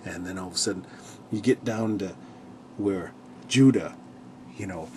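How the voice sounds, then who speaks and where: A man's voice: sits low, darkish tone, a little hiss or hum. A man sharing casual, rambling thoughts on a Bible chapter, filling with "you know" and acting out the quoted lines with sudden bursts. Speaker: Bible study speaker.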